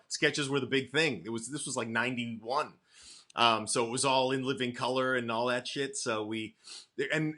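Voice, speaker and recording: A middle-aged male comedian from the Boston area, telling animated stories in casual chat and acting out quotes. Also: mid-range voice. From Boston area, USA. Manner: animated anecdotes, acts out quotes, laughs often. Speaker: comedian guest.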